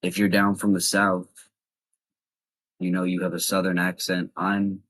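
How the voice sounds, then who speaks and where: A man's voice: low voice, monotone, a little slow, fairly bright tone, no echo, rough recording. A young man from the East Coast of the US giving casual advice in a vlog, talking earnestly in loose, rambling sentences. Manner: earnest, loosely structured talk with fillers. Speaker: vlogger.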